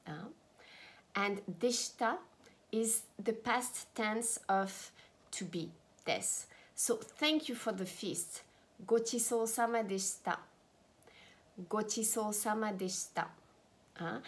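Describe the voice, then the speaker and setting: A woman with a French accent, teaching travel phrases and repeating each one slowly and clearly, talking straight to her viewers. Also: mid-range voice. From France. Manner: slow, careful pronunciation drills, repeating phrases; friendly, direct to the viewer. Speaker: language teacher.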